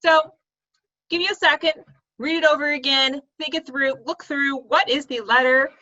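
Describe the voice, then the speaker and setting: A woman's voice: high-pitched, fairly even intonation, normal speed, bright, forceful tone, highs cut off. A woman teaching a lesson for children, speaking playfully and laughing at herself when she stumbles over tongue twisters. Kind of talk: video lesson for kids.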